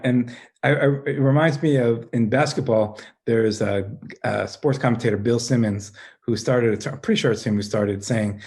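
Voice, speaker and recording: Middle-aged male guest, gravelly voice with a lot of fry, breaks into laughs as he talks. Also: mid-range voice, darkish tone. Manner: laughs often while telling his story, many restarts. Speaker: guest, middle school teacher and life coach. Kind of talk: casual podcast conversation.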